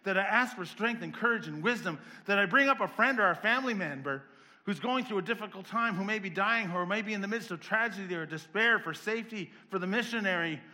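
A man preaching a sermon, firing off rapid rhetorical questions and building to a fervent intensity, with the occasional self-deprecating aside. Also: high-pitched, lively intonation, bright, forceful tone.

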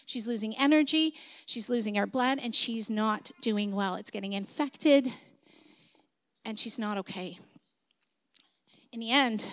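A woman's voice: medium pitch, moderate pace, a bit bright. A middle-aged woman telling a story in a sermon, conversational, with many fillers and asides. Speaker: speaker at a church service.

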